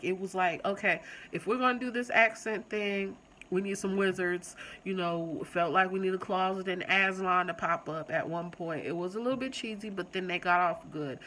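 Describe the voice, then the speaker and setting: A young adult woman hosting her own channel, casually reviewing a TV episode and talking straight to her viewers in an animated, chatty way. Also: lowish voice, a little hiss or hum, low-quality recording.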